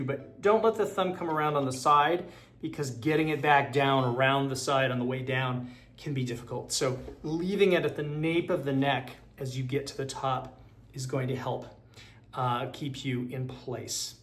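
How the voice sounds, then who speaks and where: Man teaching violin, calm and explanatory. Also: mid-range voice. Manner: relaxed and explanatory, thinking aloud with fillers; counts beats and calls out rhythms while playing. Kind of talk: online music lesson. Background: violin playing.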